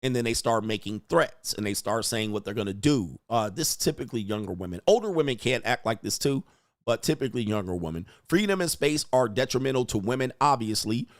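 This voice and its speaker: A man of average pitch hosting a casual livestream, ranting bluntly and crudely between reading viewer messages aloud. His voice is recorded close and dry, with no room sound. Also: lively intonation, brisk, no room sound. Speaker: livestream host reading donations.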